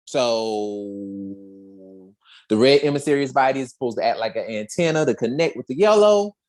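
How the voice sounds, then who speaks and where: Lively, slangy podcast storyteller. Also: medium pitch, normal speed. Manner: animated, slangy storytelling with acted quotes. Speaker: podcast co-host. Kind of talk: casual episode recap.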